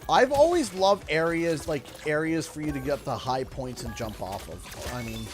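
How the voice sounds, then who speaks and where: A man from Canada hosts a gaming livestream in a slightly high voice, wandering through his ideas with constant fillers and false starts. When donations come in he turns loud and excited. Faint music plays underneath. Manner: rambling, halting, many fillers and restarts. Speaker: livestream host.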